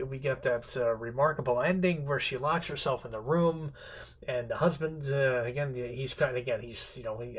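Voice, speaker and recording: A male literature teacher retelling a story in a casual, rambling classroom lecture, often restarting his sentences and slipping in the odd swear word. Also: mid-range voice. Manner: rambling, many restarts, playfully quotes characters; irreverent, occasional swearing.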